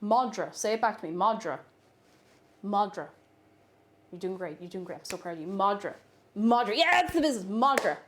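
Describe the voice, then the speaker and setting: A woman's voice: fairly quick, pauses often, a little hiss or hum. A woman with an Irish accent, chatting playfully on a live stream while teaching an Irish word of the day. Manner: playful, bursts into high excited greetings to chat. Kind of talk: casual live-stream chat. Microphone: desk microphone.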